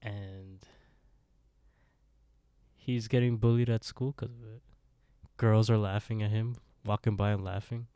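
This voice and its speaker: A man's voice: on the low side, a little slow, pauses often, clean tone, no room sound, clean studio sound. A man co-hosting a podcast, casually retelling a horror story and acting out characters' lines. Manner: relaxed storyteller acting out lines, laughs often. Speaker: podcast co-host.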